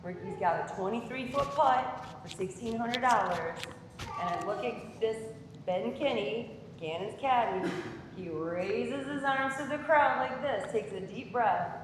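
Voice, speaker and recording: A woman giving a hall of fame acceptance speech, telling a lively anecdote with chuckles and admitting she is nervous. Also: on the high side, measured pace. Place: large echoey event hall. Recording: echoey hall with room noise.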